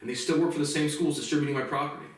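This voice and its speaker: A man's voice: a little high, steady tone, rapid-fire, far from the mic. Cursing young man ranting in an echoey room. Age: late 20s. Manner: bitter, profane rant. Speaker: vlogger. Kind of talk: angry personal monologue.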